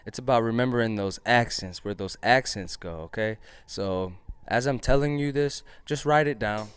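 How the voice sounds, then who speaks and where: A man teaching a drum lesson in a relaxed, chatty way, counting rhythms out loud. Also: medium pitch, moderate pace, clear, resonant tone, no echo.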